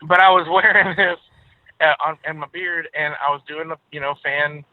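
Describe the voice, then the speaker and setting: A man's voice: on the high side, steady tone, moderate pace, no echo. A man from Texas with a Southern accent, a musician guest telling stories in an easygoing way with many filler uhs. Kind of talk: casual interview over the phone. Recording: tinny phone line.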